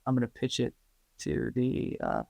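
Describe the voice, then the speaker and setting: A man chatting as an interview guest, his voice sitting at an ordinary middle pitch. He talks loosely with plenty of fillers and slips into little voices when he quotes people. The sound is close and dry, with almost no room echo. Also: normal speed, gravelly. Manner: animated, laughing, acts out quoted voices; many fillers like um and like. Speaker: interview guest, stunt performer and actor. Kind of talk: casual storytelling.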